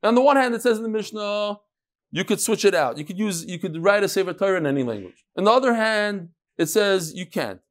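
A man teaching a Talmud class, asking and answering his own questions in an animated, rhetorical way. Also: sits high, brisk.

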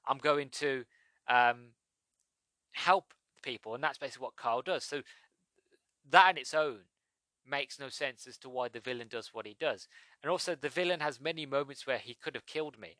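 A man giving a casual, rambling spoken game review, often restarting his sentences and acting out lines from the game in sudden loud bursts. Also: medium pitch, no echo. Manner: rambling, chatty, with frequent restarts.

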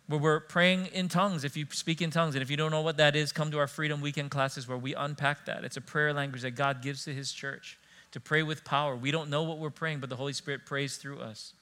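Fast, bright-voiced pastor preaching. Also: male voice, on the high side. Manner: animated, conversational storytelling with laughs and asides. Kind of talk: sermon. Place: church.

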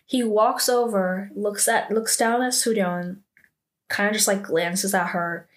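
A woman's voice: mid-range voice, fairly even intonation, measured pace. A woman chatting casually through a drama recap, using many fillers and reacting strongly to the plot.

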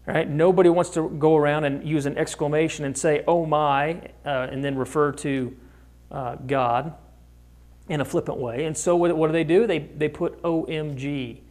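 A man delivers a conversational sermon, teaching and frequently posing rhetorical questions to his listeners. His voice is a little high, with a darkish tone.

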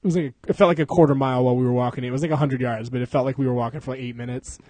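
A man's voice: medium pitch, fairly even intonation, very fast, a little mellow, no room sound. Young man rambling, laughing, swearing. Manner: rambling, profane, laughs often, slips into silly voices. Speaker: podcast co-host. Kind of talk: casual podcast chat.

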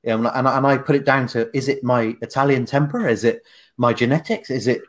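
A man's voice: medium pitch, fairly quick. Podcast host guy, chill and reflective, owns up to his flaws. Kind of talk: casual podcast chat.

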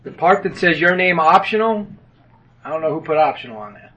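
A man's voice: fairly high pitch, lively intonation, fairly quick, noisy background. Joking man leading a men's group. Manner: folksy and joking, with many fillers. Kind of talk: casual meeting address. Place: meeting room with tables.

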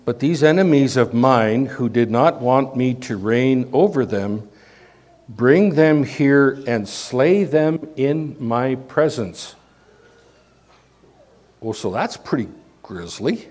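A man with a Canadian accent, a pastor preaching a sermon full of rhetorical questions and sudden swings in loudness. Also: mid-range voice, expressive, slow.

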